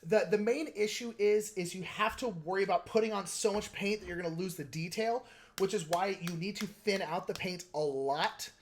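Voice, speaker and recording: A man's voice: high-pitched, moderate pace. A man hosting a live stream, chatting casually and meandering while he explains his painting technique and answers viewers.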